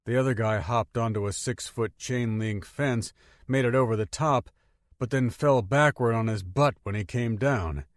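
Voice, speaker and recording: A man's voice: medium pitch, normal speed, no echo. Man narrating an audiobook, dry sound. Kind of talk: scripted narration.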